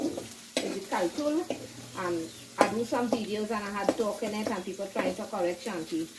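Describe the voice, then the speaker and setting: A woman demonstrates her home cooking in a casual, chatty way, tagging "right?" onto her sentences and calling herself by name. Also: mid-range voice. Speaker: home cook vlogger. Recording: distant mic, loud frying noise. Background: sizzling frying food.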